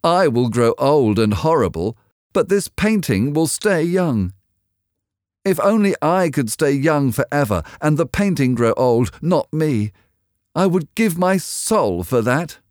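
A man's voice: a little high, sing-song, measured pace, a little mellow, dry recording, pitched above the performer's own voice. A man voicing a vain, anxious young man who speaks in an overwrought, pleading way in a dry-sounding storybook reading. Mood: anguished.

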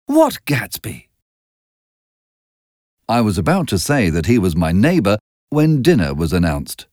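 A man narrating a story aloud in a measured, expressive way. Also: lowish voice, no room sound, clean studio sound. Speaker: audiobook narrator.

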